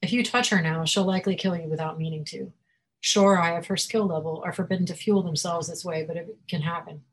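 A woman's voice: on the low side, steady tone, brisk, husky, low-quality recording. A woman voicing an arrogant nobleman who gives orders in a cool, commanding way while reading her fantasy novel aloud. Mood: urgent. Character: arrogant scheming nobleman, adult man.

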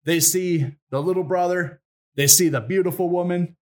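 A man's voice: high-pitched, fairly even intonation, darkish tone. A man casually retelling a folk tale to a co-host, irreverent and swearing, rattling off the characters' lines. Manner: irreverent, swears, fast retold dialogue. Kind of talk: casual comic storytelling.

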